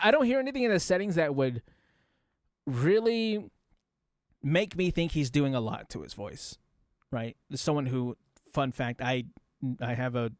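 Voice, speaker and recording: A man's voice: mid-range voice, smooth, no echo, clean studio sound. A man streaming a casual reaction commentary, rambling and talking straight to his chat while demonstrating voice tricks.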